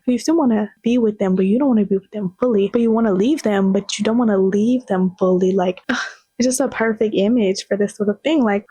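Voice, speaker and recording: A woman's voice: mid-range voice, dark tone, slightly rough, no echo, rough recording. A young woman in her twenties chatting casually as she reacts to clips, gushing and full of slang. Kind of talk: casual chat.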